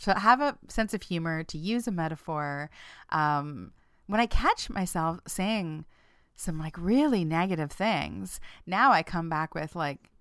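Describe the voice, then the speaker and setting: Woman podcast host, frank and playful, laughs a lot; smooth clear voice on a close dry mic. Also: a bit bright, no echo. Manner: acts out quoted lines with sudden pitch jumps. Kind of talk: casual self-help talk to listeners.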